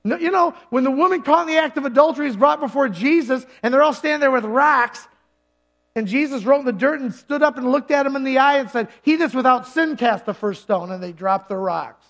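A man's voice: very high voice, brisk, fairly bright tone. A male pastor preaching a sermon in a church service, talking conversationally and acting out the voices of the people he quotes.

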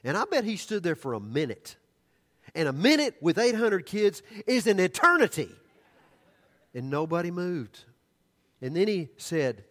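Older preacher telling a sermon story. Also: male voice, fairly high pitch, normal speed. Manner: animated storytelling that drops to hushed, earnest tones.

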